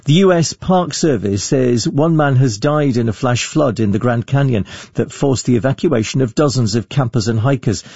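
Male newsreader, gravelly husky voice, formal radio bulletin, dull lo-fi sound. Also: mid-range voice, darkish tone, dry recording. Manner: measured, formal delivery.

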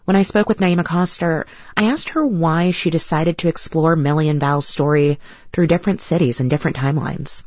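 A woman's voice: low-pitched, fairly quick, a little mellow, no room sound. A woman hosting a radio news program, reading a scripted introduction and asking an author thoughtful questions. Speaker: radio show host. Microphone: studio mic, dry. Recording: slightly dull lo-fi broadcast sound.

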